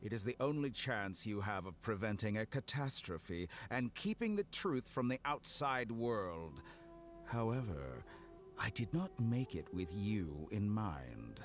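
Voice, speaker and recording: Cold, scheming game villain, lowish voice, lively contempt, faint music under. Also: male voice. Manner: calm, menacing, coldly polite.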